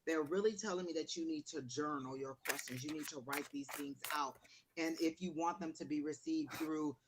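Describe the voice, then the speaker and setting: A woman's voice: low-pitched, moderate pace. A woman reading tarot on a livestream, explaining her points in a conversational way with everyday examples. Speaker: tarot reader, co-host. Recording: noisy livestream audio.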